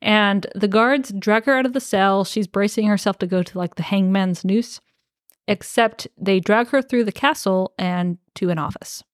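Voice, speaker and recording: A young woman casually retells a novel's plot for a podcast, swearing now and then. Her voice sits at an everyday middle pitch, recorded close and dry. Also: normal speed, no room sound. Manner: casual, swears freely, recaps the story. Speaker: podcast co-host.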